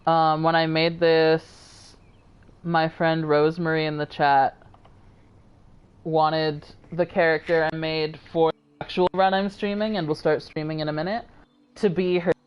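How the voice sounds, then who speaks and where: A woman's voice: low-pitched, level tone, measured pace, smooth, dull audio. A tired woman streamer chatting casually and rambling to her viewers while she plays a game. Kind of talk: casual live-stream chat.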